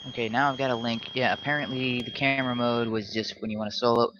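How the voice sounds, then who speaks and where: A man's voice: mid-range voice, steady tone, fast, fairly bright tone, muffled recording, slight background noise. A man hosting a solo livestream, ranting combatively and often stumbling into restarts. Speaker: livestream host.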